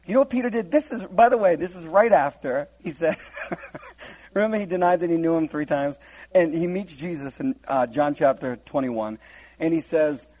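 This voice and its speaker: High-voiced playful male preacher. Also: moderate pace, mellow, poor audio. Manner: playful, laughs often, acts out scenes in voices. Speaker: preacher teaching a Bible study. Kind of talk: humorous verse-by-verse sermon.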